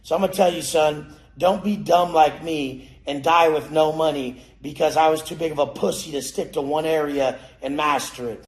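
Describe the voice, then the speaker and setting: A man giving a profane, aggressive motivational rant, cursing and yelling at his listeners. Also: a little high, fairly even intonation, normal speed, few pauses. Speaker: motivational speaker. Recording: roomy echo.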